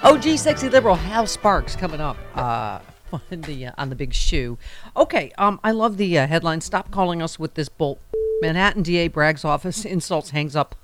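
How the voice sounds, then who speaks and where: Animated woman hosting talk radio. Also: deep voice, normal speed, music in the background. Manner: animated, laughing, fond of silly put-on voices. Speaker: radio talk show host. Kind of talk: casual political talk radio banter.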